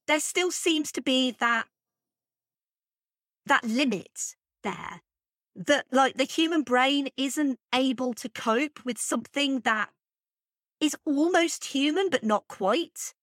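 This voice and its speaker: High-voiced chatty woman, dry sound. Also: expressive, slow, fairly bright tone, no echo. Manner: chatty, thinks aloud with many fillers. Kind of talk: casual chat.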